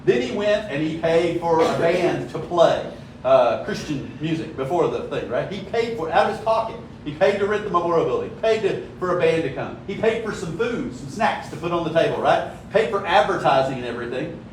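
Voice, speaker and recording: A man with a slightly higher voice teaches a Bible study in a loose, storytelling way, often asking his listeners "right?" He sounds heavily echoed and some distance from the microphone, as in a bare church room, with a faint hum of room noise behind him. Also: lively intonation, brisk. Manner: storytelling, frequent "right?" check-ins.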